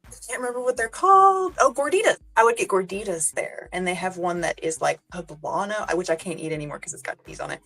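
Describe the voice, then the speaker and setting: Chatty Kentucky-raised woman, slightly low voice. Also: animated, fast talker, gravelly, fairly bright tone, soft background music. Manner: chatty, filler-heavy, laughs easily. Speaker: podcast guest. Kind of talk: casual chat.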